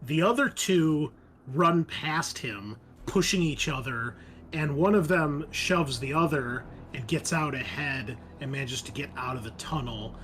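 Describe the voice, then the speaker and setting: A man's voice: on the high side, unhurried, a bit bright, a little hiss or hum. Man narrating as game master.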